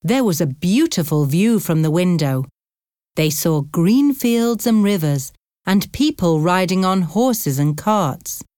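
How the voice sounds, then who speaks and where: A woman narrates a simple storybook in slow, carefully spaced sentences. Her voice sits a little low and moves expressively. The sound is close and completely dry. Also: lively intonation, darkish tone, dry recording. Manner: slow, clear, carefully paced reading. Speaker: audiobook narrator. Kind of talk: scripted narration of a graded reader.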